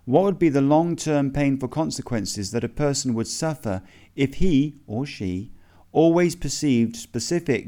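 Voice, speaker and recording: A man reading a self-help lesson aloud in a measured, methodical question-and-answer way. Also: medium pitch, warm tone.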